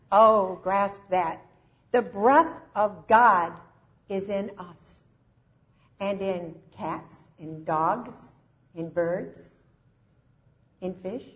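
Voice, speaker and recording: A woman's voice: mid-range voice, dull audio. Emotive woman preaching a sermon. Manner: emotive, slow emphatic phrasing.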